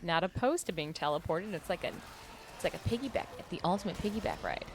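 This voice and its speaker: A woman's voice: lowish voice, lively intonation, fast, background noise. Chatty woman streaming a game. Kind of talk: casual chat while gaming.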